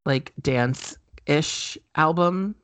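A man's voice: on the high side, drawn-out words, a bit bright, no room sound. A man co-hosting a podcast in casual chat, rambling with many fillers and self-corrections. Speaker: podcast co-host.

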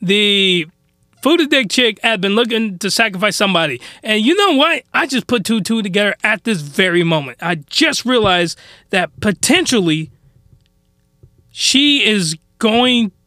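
Male anime recapper, very high and sharp-toned, exasperated ranting commentary. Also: expressive, measured pace, no room sound, clean studio sound.

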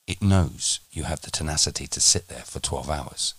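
Man, meditation teacher, podcast lesson, low voice, dry recording, measured delivery. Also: a bit bright, breathy edge, no room sound.

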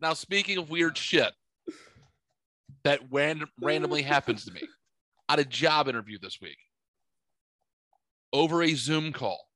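A man hosting a podcast, telling stories in casual chat, animated and swearing, acting out the voices in his stories. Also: fairly high pitch, a little slow, long pauses, no room sound. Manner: animated, swearing, acts out quotes. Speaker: podcast host. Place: podcast studio.

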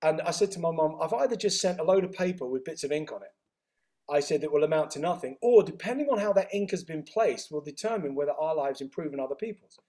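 A middle-aged man tells his life story in an interview, acting out the dialogue with quick reported speech. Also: a little high, animated, mellow. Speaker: interview guest. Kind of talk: storytelling in conversation.

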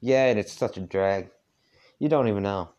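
Man doing an aloof young guy, heavy southern drawl, sarcastic, low-ish voice. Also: normal speed, a little mellow, lo-fi sound, natural voice. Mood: dismissive.

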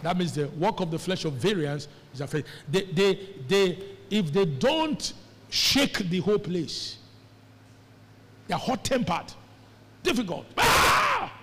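Pastor, high voice, lively preaching with call-and-response, reverberant hall. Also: male voice, unhurried, a little hiss or hum. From Nigeria. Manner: animated, calls on the congregation to respond. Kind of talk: sermon. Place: church hall. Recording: echoey church hall.

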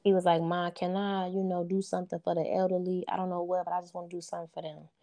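A woman with a fairly low, dark voice speaks quickly in a level tone as an interview guest. A single mother, she talks about her sons in an earnest, heartfelt, informal chat, often saying "you know what I'm saying".

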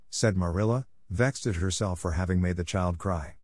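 A man's voice: sits low, dry recording, studio quality. A man narrating a classic novel steadily for English learners. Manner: steady, measured reading. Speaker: audiobook narrator.

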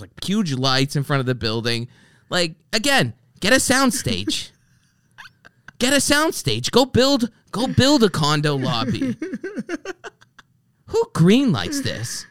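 A man's voice: mid-range voice, a bit bright, smooth, no room sound, studio quality. A man hosting a podcast, chatting casually and telling stories, acting out the people he quotes and swearing freely. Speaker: podcast host. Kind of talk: casual chat.

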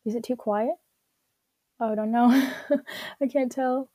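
A woman with a fairly high yet mellow voice rambles through her solo podcast, filling gaps with "like" and "um" and laughing at herself. The recording is dry and close, with no room sound. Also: steady tone, unhurried, no echo. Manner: rambling, giggly, self-deprecating, many "like" and "um" fillers. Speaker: podcast host. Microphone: own recording setup at home.

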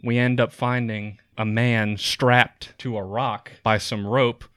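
A man running a tabletop game as game master, narrating the scene in a lively storytelling manner. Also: mid-range voice, slow pace, no echo, studio quality.

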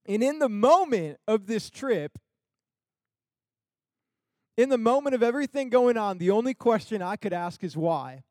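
A man's voice: high voice, very animated, normal speed, long pauses, a little mellow, no room sound. A young man telling a funny personal story to an audience, laughing often and acting out the people he quotes.

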